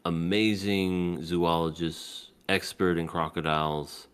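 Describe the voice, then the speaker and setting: A man co-hosting a casual podcast chat, animated, often jumping into high mock voices for laughs. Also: takes it slowly, clean tone. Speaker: podcast co-host.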